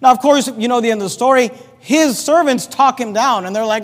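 High-voiced preaching man in echoing hall. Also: fast. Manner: animated preaching, reading scripture aloud, acting out quotes. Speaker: pastor. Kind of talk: sermon. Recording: long reverb of a large hall.

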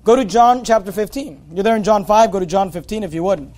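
A male preacher with a strikingly high voice delivers a sermon. He talks emphatically, repeats key phrases and reads scripture aloud in old-style wording. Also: quick pace, darkish tone. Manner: emphatic, repetitive, quotes scripture in King James wording.

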